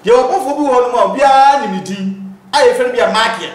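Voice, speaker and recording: Ghanaian prophet teaching in an echoey room. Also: male voice, extremely high pitch, fast. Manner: preacherly, cites scripture. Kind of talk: teaching in an interview. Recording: roomy echo.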